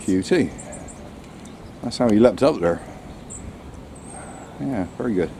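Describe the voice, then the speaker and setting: A man's voice: fairly low pitch, expressive, slow pace, gravelly. A middle-aged man chatting casually to his camera and his dog while outdoors, often poking fun at himself. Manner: chatty, talks to his dog, self-mocking laughs. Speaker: vlogger walking his dog. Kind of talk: casual outdoor vlog chat. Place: outdoors on a rainy seafront. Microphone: handheld camera. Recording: faint outdoor noise.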